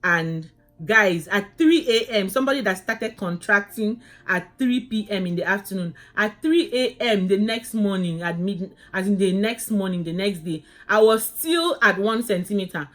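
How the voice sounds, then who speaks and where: In a casual, animated vlog, a woman recounts her labor story at a normal pace and medium pitch. She keeps addressing viewers as "guys" and often restarts her sentences.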